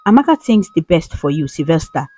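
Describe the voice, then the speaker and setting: A woman's voice: low voice, big pitch swings, fairly quick, mellow, breathy edge, no echo, soft background music, full character voice. A woman voicing an insistent mother who is set on matchmaking her son, in a storybook reading.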